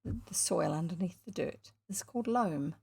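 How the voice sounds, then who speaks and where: A woman with a New Zealand accent reading a storybook aloud, gently stopping to explain words to young listeners. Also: on the low side, lively intonation, normal speed, vocal fry, husky.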